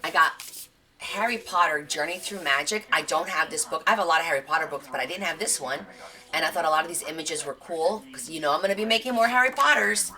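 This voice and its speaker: A woman's voice: low voice, fast talker, bright, forceful tone. A woman hosting a casual live craft stream, chatting and gushing as she shows off her thrift finds. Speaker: craft channel host. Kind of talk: casual live show-and-tell.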